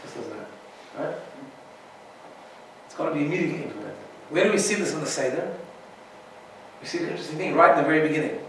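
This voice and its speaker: A man's voice: on the high side, animated, fast talker, long pauses, fairly bright tone, heavy reverb, distant mic, slight background noise, poor audio. A man teaching an informal Torah class as a rabbi, chatty and often checking in with "right?". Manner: chatty, keeps asking "right?".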